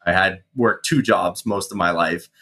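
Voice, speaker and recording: Man in his thirties, low voice, forceful tense delivery, casual swearing, animated storytelling. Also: moderate pace, breathy edge. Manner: animated, swearing, reenacts his own shouting. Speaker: guest, mindset coach and firefighter.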